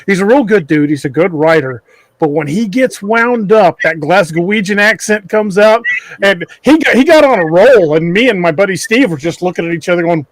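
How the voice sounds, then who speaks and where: A man hosting a podcast, joking and telling animated stories. His voice is high for a man, and it sounds close and dry. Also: moderate pace, dry recording. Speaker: podcast host. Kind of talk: casual podcast conversation.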